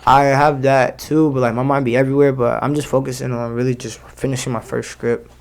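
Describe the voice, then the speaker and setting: Young rapper guy, gravelly voice, kinda flat, lots of slang and likes. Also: medium pitch, fairly quick. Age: young adult. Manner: slangy, loose, many fillers. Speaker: rapper guest. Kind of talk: casual interview.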